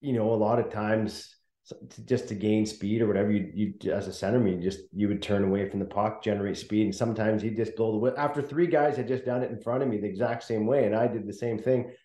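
A man's voice: fairly low pitch, steady tone, fast, dark tone, echoey room. A middle-aged man, a former hockey player, telling laughing stories as a guest in a casual interview. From Canada. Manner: laughs often, chatty, many restarts.

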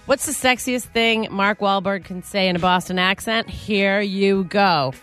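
A woman co-hosting a radio show in casual banter, chatty and animated, laughing often and acting out quotes. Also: medium pitch, measured pace, faint music behind.

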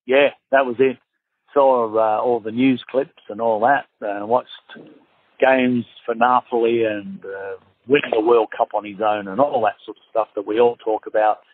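A man's voice: medium pitch, moderate pace, a little hiss or hum. An Australian man in his fifties, a former footballer telling stories in an interview and acting out the voices in them. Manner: lively storyteller acting out quotes. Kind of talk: casual storytelling interview. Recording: tinny phone-like dry sound.

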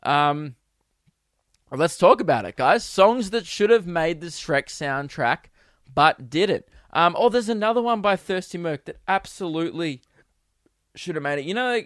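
A man's voice: on the high side, expressive, measured pace, dry recording. Crude, self-amused Australian man, dry sound. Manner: crude, self-amused, rambling with fillers and loud outbursts. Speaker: comedian podcast host. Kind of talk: casual storytelling monologue.

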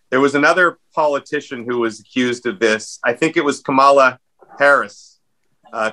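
A man's voice: medium pitch, sharp tone, poor audio. A middle-aged man co-hosting a podcast, chatting casually and asking the others questions. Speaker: podcast co-host. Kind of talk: casual chat.

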